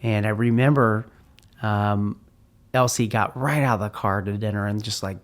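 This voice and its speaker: A man's voice: on the low side, steady tone, normal speed. A middle-aged man hosting a podcast and telling a personal story in an earnest, heartfelt way, often restarting his sentences. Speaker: podcast host.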